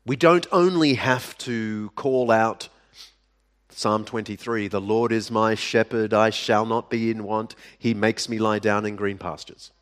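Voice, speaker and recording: A man preaching a sermon, speaking deliberately with dramatic pauses and sudden drops to a hush. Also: lowish voice, fairly even intonation. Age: adult. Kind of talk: sermon to a live audience.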